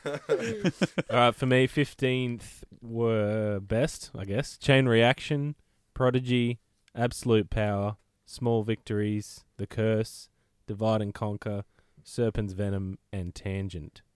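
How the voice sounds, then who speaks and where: A man co-hosting a podcast in casual chat, measured with dry jokes. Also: on the low side, steady tone, smooth, no echo. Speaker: podcast co-host.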